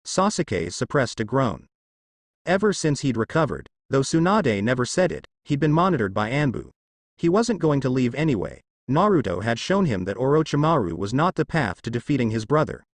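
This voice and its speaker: A man narrating a fan fiction story in a steady storytelling manner. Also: medium pitch, moderate pace, dry recording. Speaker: story reader.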